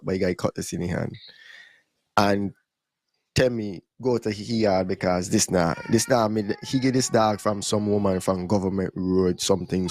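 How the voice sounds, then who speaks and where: A young man casually telling stories on a podcast, in relaxed creole-tinged English. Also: on the low side, no room sound. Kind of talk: casual storytelling chat.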